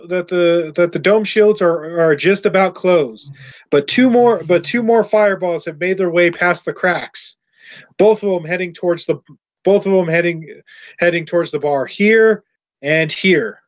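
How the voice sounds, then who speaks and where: A man narrating a tabletop game as game master, in a halting way, searching for words mid-sentence. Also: sits high, dull audio.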